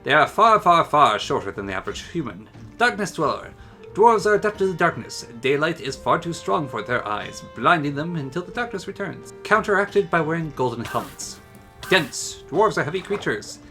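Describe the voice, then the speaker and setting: A man voicing a boisterous male dwarf who chants like a drinking song and reads out dwarf lore with loud, drawn-out theatrical delivery. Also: a little high, very animated, soft background music, voice pushed up. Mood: proud. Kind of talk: theatrical in-character reading.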